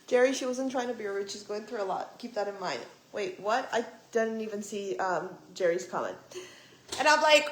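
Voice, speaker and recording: A young woman vlogger telling a story to her live chat in a casual, animated way, swearing and acting out what people said. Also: fairly high pitch, reverberant, a little hiss or hum, rough recording. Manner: animated, swearing, acts out quoted voices. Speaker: vlogger on a livestream.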